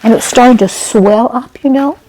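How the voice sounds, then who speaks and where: A woman telling a children's story in a gentle, homespun, repetitive way. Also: on the high side, a little fast, poor audio.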